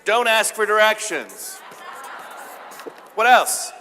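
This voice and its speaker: A man giving a live keynote talk, playful and joking, getting the audience to shout out answers. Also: high voice, normal speed, some chatter behind, slight background noise. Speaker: keynote speaker. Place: large event hall with audience. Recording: live hall with reverb.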